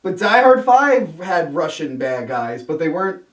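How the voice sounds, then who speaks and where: A young man hosting a casual movie review chat, sarcastic and animated, swearing freely. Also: fairly high pitch, measured pace, recorded from a distance. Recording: roomy sound from off-mic.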